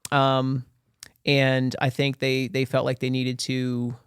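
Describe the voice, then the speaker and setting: A man's voice: mid-range voice, monotone, slow, clear, resonant tone, dry recording, studio quality. Candid, joking man from Pennsylvania. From small town in Pennsylvania. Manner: candid, joking, self-deprecating storyteller. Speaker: podcast guest. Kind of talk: casual storytelling interview.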